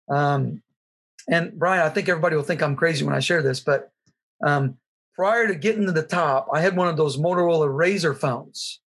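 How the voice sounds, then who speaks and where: A middle-aged man telling a personal story in an earnest, halting way, with frequent restarts. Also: a little high, fairly bright tone, slightly rough. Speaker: guest sharing his testimony.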